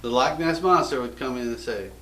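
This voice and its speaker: A man's voice: medium pitch, a little fast, fairly bright tone, slight background noise. An American man hosting a casual gun show, joking and rambling in a self-mocking way. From United States. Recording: roomy echo from a distant mic.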